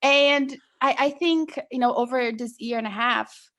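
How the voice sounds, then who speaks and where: Earnest young woman guest, fairly high voice. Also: unhurried, fairly bright tone. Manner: earnest storytelling, many fillers like "like" and "you know". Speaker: podcast guest. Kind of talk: casual conversational interview.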